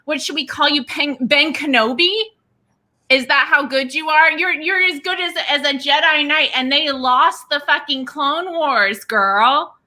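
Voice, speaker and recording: A woman's voice: sits high, unhurried, sharp tone. A woman playing a brash young princess in an improv comedy insult battle, swearing and taunting her opponent. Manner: trash-talking, swearing, taunting. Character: brash trash-talking young princess, cocky and crude.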